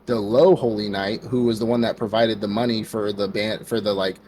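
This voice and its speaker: A man's voice: on the low side, fairly even intonation, a little fast, a little mellow, a little hiss or hum. A man co-hosting a podcast, recapping an anime episode in a rambling, casual way and acting out the characters' lines with lots of "like" and "bro". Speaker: podcast co-host.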